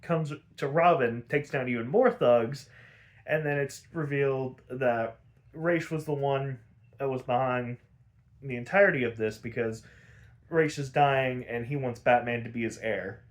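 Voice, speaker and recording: A man's voice: mid-range voice, unhurried. A man hosting a podcast, casually recapping a cartoon episode in a loose, profane way, laughing often and leaning on filler words. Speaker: podcast host.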